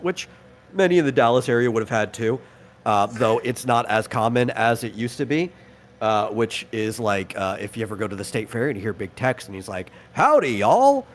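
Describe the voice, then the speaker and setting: Lowish-voiced talkative man from Texas. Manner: talkative, explains at length, acts out quoted voices. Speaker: stream co-host. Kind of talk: casual live-stream chat.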